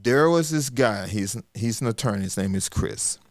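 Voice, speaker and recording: A middle-aged man tells stories in a folksy, animated manner, often acting out bits of dialogue. His voice sits at a medium pitch, and the recording is dry and close, with no room sound. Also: moderate pace, no room sound. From Arkansas, US. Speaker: podcast host and guest speaker. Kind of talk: casual storytelling conversation.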